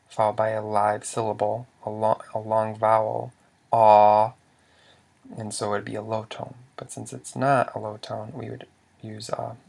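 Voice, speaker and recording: A man's voice: lowish voice, vocal fry. A man narrating a slide lesson as a language teacher. He asks questions, answers them himself, and often stops to restart a word.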